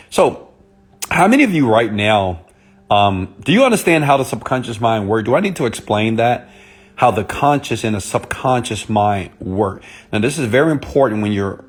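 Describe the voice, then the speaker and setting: A man speaking softly and intimately on a live stream, greeting viewers by name as a motivational speaker. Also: fairly low pitch. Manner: soft, intimate on purpose; chatty, greets commenters by name.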